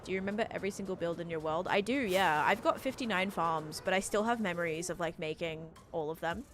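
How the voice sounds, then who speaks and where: A woman's voice: fairly low pitch, quick pace. A young woman streamer chatting casually while she plays, reading out and answering her viewers in a rambling, friendly way. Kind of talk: casual live-stream chat, reading chat aloud. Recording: faint music behind voice.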